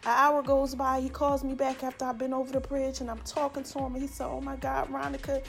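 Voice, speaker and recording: Chatty New woman, slightly high voice. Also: flat delivery, quick pace, fairly bright tone, soft background music. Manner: chatty, slangy and affectionate, rambling asides. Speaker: podcast host. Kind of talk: casual shout-outs to supporters.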